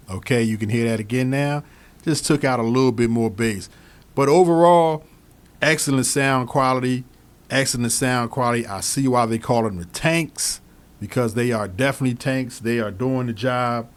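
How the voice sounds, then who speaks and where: A man with a medium-pitched voice reviews the studio mics he keeps swapping between, talking at normal speed. His manner is easygoing, he says things more than once, and he addresses his viewers head-on.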